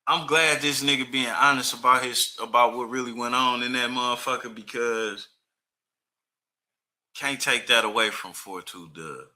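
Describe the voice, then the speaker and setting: A man hosts a reaction video, breaking in to comment on a story. His voice is very bright and sharp. He talks in emphatic, profane street slang. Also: medium pitch, fairly even intonation, moderate pace.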